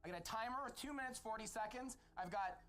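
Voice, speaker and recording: A woman's voice: on the high side, quick pace, a bit bright, soft background music. A woman streaming a co-op bomb game, describing the bomb aloud and trading profane, mock-hostile insults over a walkie, closing lines with "over". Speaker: streamer playing bomb defuser.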